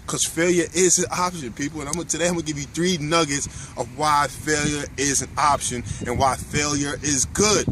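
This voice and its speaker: Motivational host, man, fairly high voice, preachy and repetitive, faint street noise behind. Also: fairly even intonation, a little fast, few pauses, a bit bright. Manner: preachy, emphatic, repeats key lines. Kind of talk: motivational talk to camera. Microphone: camera mic, filmed by his wife.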